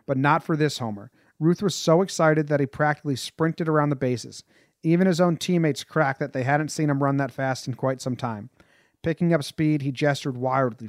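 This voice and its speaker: A man's voice: medium pitch, a little mellow, no room sound, clean studio sound. A man reading a history passage aloud and breaking off into loose, casual comments as a podcast host.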